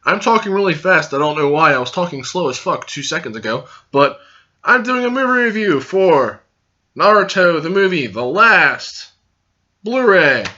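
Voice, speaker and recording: A young man hosting a casual vlog review, hyper and loud, rambling and swearing freely. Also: a little high, very animated, moderate pace. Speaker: host and reviewer. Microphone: camera recording. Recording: dull lo-fi sound.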